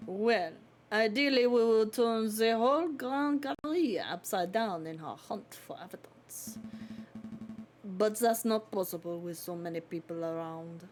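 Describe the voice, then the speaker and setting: A woman's voice: medium pitch, animated, measured pace, slight background noise, close to an everyday voice. Woman reading as a prim male lawyer. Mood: earnest. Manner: formal and polite. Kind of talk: reading a game aloud on stream.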